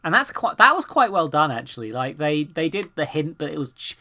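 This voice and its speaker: A woman hosting a live game stream, her bright voice swinging widely in pitch as she chats. She reads notes from the game aloud between comments. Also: big pitch swings, brisk.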